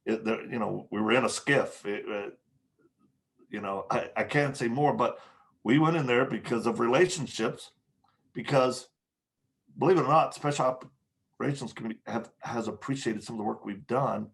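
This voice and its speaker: A man, a podcast guest, telling candid stories in conversation, with frequent pauses and restarts. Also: medium pitch, creaky, fairly bright tone. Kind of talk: storytelling in conversation.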